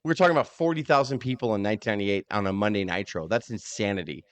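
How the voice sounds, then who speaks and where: A man co-hosting a casual podcast chat, animated and opinionated, cursing freely as he argues his points. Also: fairly low pitch, racing, dry recording. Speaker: podcast co-host.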